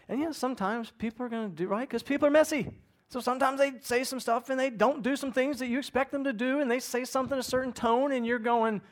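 A middle-aged man preaching a sermon, his voice sitting a little higher than most men's. He talks in a loose, conversational way, often slipping into the voices of people talking to themselves. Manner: conversational, animated, acts out inner voices. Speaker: pastor.

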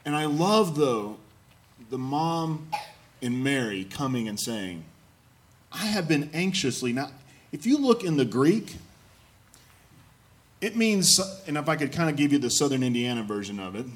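A man's voice: measured pace, long pauses. A man preaching a sermon, acting out quoted lines with big swings in his voice. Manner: animated, acts out quotes with big jumps in pitch. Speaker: pastor.

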